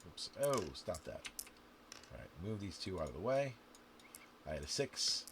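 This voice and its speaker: A lower-voiced man tallies dice points out loud and talks straight to the viewer, his pitch swinging widely as he breaks into sudden shouts. Clicking and typing sounds sit under a clear, steady noise floor. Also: normal speed. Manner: counts scores aloud and talks to the viewer, with sudden loud outbursts. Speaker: game instructor. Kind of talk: playing and explaining a dice game to camera.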